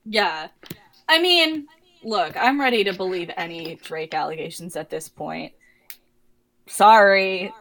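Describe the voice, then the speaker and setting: Lively young woman gossiping on a podcast. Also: lowish voice. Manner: animated, gossipy, quick asides. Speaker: podcast co-host. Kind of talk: casual chat.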